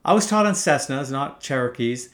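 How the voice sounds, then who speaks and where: A man's voice: mid-range voice, lively intonation, moderate pace. A man in his fifties from Canada, telling a first-person story in a wry, casual way, swearing freely. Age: 50s.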